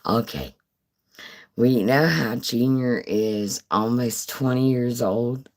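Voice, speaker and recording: A woman's voice: extremely low pitch, very slow, long pauses, a little mellow. A middle-aged woman telling a rambling story on a live stream, swearing freely and breaking into laughter. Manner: rambling, profane, laughing asides.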